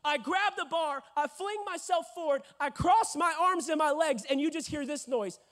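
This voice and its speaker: High-voiced young male preacher. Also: normal speed. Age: 20s. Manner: energetic storytelling, acts out voices, shouts at peaks. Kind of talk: sermon.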